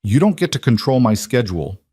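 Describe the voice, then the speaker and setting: Man putting on a proud young woman, defiant, higher voice, dry close sound, storybook. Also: sing-song, brisk, warm tone, breathy edge, no echo. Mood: angry.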